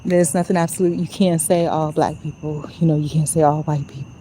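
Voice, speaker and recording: This vlogger's low, dark voice moves briskly and steadily as she chats into her phone on a nighttime walk outside. Her casual monologue is reflective and peppered with "you know," and the rough audio has a little hiss or hum.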